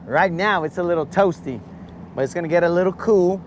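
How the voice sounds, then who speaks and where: A man's voice: high-pitched, fairly quick, slight background noise. A man hosting a casual fishing livestream from a boat on a lake, hyped and slangy, talking straight to his viewers.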